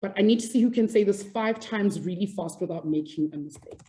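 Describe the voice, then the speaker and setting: A woman's voice: medium pitch, brisk, dark tone. A woman teaching a maths class online, upbeat and chatty, apologizing and laughing easily as she explains.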